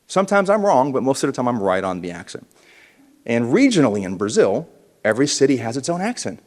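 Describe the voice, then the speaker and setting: At a realtors conference, a keynote speaker delivers a punchy motivational speech, stirring the audience to call back to him. He talks fast in a sing-song, mid-range voice, and the large indoor hall gives the recording plenty of reverb.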